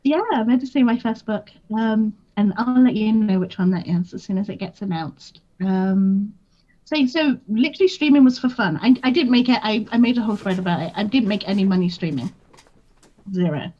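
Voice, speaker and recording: A woman's voice: mid-range voice, animated, brisk, warm tone, lo-fi sound. A woman chatting as a guest on a livestream. She talks frankly and jokes at her own expense, with a lot of fillers. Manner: frank, self-deprecating, full of fillers. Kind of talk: casual chat on a livestream.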